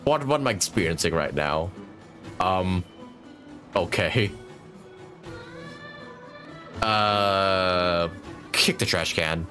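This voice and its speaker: A man's voice: low-pitched, lively intonation, slow pace, sharp tone, faint music behind. A man streaming a video game, reacting with baffled laughter and swearing in casual commentary.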